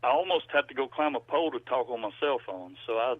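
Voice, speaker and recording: A man's voice: mid-range voice, lively intonation, fast, dry recording. Folksy man on a tinny landline. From Georgia, US. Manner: folksy, rambling storyteller. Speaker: musician guest. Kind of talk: casual phone interview. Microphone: landline telephone. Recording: dry, tinny phone line.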